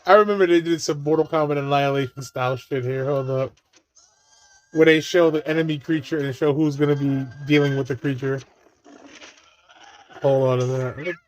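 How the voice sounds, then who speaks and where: A man's voice: fairly high pitch, steady tone, moderate pace, long pauses, slight background noise. A man giving casual watch-along commentary on a movie, laughing often and swearing freely as he riffs jokes.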